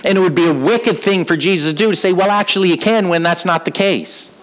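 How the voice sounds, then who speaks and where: A man's voice: fairly high pitch, fairly quick, poor audio. A middle-aged man preaching a sermon in an earnest way, often repeating words as he builds a point. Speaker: pastor.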